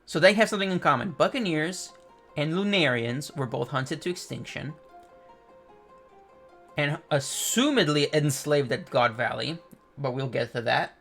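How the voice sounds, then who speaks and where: A man's voice: fairly high pitch, moderate pace, vocal fry, fairly bright tone, soft background music. A man casually reacting to and reviewing a manga chapter, thinking aloud and correcting himself as he goes.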